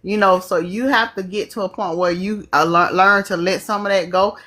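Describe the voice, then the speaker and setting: Woman co-hosting a podcast, lively and preachy, says things twice. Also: medium pitch, moderate pace. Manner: animated, preachy, repeats herself. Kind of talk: casual group chat.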